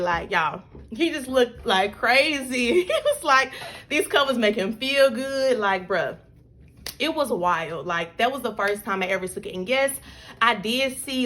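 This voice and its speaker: A young woman vlogging to her camera in a casual storytelling style. Her voice is bright and forceful and sits a little high. She talks loosely and animatedly, scattering "like" and "y'all" throughout. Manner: chatty, animated, full of likes and y'all.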